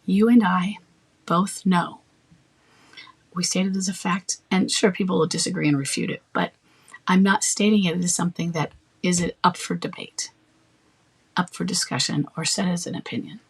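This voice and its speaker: Woman, advice talk, firm, matter-of-fact, slightly husky voice. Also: on the low side, moderate pace. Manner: firm, matter-of-fact, acts out little dialogues.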